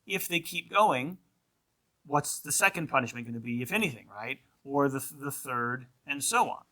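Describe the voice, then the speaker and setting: A priest teaching a marriage class in a conversational lecture style, often checking in with "right?" and acting out short quoted lines of kids and parents. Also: male voice, medium pitch, animated, normal speed, pushed and bright. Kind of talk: informal lecture.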